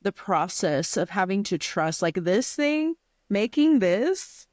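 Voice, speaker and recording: Brief: woman co-host, giggly and breezy, mid pitch, dry close mic. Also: very animated, darkish tone, no echo. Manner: giggly, breezy, quick to laugh. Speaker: podcast co-host. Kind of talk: casual chat.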